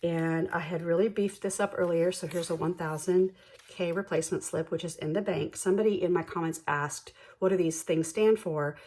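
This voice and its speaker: A woman hosting a budgeting vlog, slowly counting bills aloud in a soft ASMR style, bubbly and self-deprecating between counts. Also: lowish voice, fairly even intonation. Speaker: budgeting channel host.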